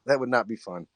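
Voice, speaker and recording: A man's voice: mid-range voice, creaky, dry recording. A man hosting a livestream, telling crude stories in casual chat and laughing as he goes. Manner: laughing storyteller, crude jokes. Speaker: livestream host.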